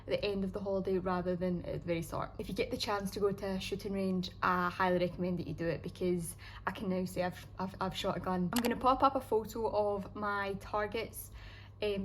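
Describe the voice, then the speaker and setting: A woman's voice: medium pitch, slight background noise, low-quality recording. A young woman from Scotland with a Scottish accent, chatting casually and upbeat in a travel vlog, full of "like" fillers. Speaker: travel vlogger.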